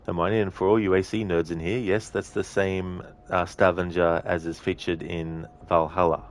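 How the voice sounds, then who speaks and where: A man's voice: low voice, flat delivery, normal speed. A man streaming a video game, chatting casually and reading out his chat's messages. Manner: chatty, reads out chat messages, laughs often. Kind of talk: casual gameplay commentary.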